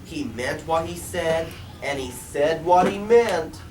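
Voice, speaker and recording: A man's voice: a little high, expressive, takes it slowly. A young man reading a rhyming picture book aloud in a bookstore, with a sing-song lilt and frequent laughs. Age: young adult. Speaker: story time reader. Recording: echoey store, mic far off, noisy.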